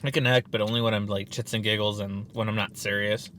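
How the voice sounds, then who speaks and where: A man in his thirties chatting casually while eating, telling animated stories with frequent laughter and swearing. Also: lowish voice, quick pace, slight background noise. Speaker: podcast co-host.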